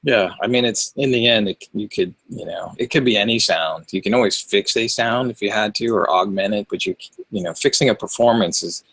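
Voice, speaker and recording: A middle-aged man, a record producer, talking about mixing in a relaxed interview, often sliding into a monotone. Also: brisk, no room sound, low-quality recording. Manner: low gravelly husky voice, drifts into a monotone. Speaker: record producer and mix engineer.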